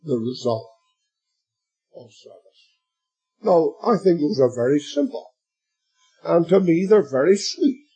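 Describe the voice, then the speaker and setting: A man preaching a sermon, slow and emphatic, addressing his listeners as beloved and swelling to shouts at the climaxes. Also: a little high, very animated, breathy edge, faint music behind, poor audio.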